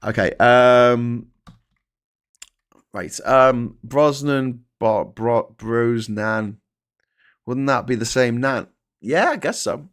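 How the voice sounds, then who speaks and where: English guy rambling thru headlines and chat comments on his channel, swears a lot, mid pitch. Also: slow pace, pauses often. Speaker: YouTube host. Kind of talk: casual chat.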